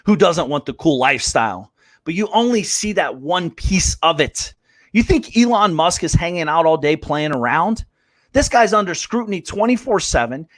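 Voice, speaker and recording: A man's voice: fairly high pitch, no room sound, clean studio sound. A man hosting a live business show, ranting bluntly and swearing as he acts out voices of others. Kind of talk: fired-up motivational rant.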